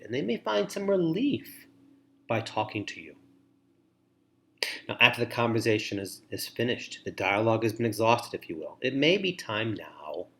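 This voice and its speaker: A middle-aged man presenting an instructional webinar for foster parents, giving earnest, measured advice with deliberate pauses and repeated phrases. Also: lowish voice, a bit bright.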